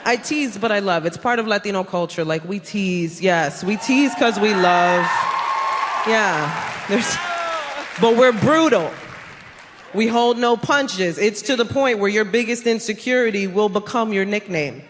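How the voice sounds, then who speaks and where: Crowd noise and background sound surround a medium-pitched woman doing stand-up on a large theater stage. Hailing from the South Bronx, she's brash and teasing, firing off quick punchlines and playful impressions while the live audience laughs loudly into the stage mic.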